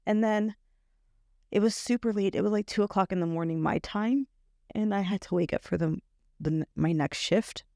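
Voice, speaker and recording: A young woman telling a personal story as a podcast guest, halting, with many fillers and restarts. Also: medium pitch, dark tone, no echo, studio quality. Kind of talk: personal testimony in conversation.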